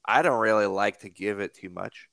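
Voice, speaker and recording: A man's voice: fairly low pitch, normal speed, creaky, fairly bright tone, no room sound. A man hosting a podcast, chatting in an easygoing, agreeable way. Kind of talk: casual conversation.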